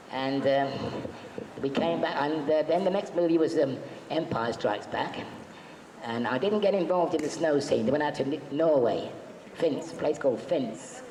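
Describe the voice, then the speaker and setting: A man telling jokey, chatty anecdotes as a guest on a convention panel, acting out the quotes in his stories. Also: fairly high pitch. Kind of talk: anecdotal storytelling to a live audience. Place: convention hall. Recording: echoey hall, faint background noise.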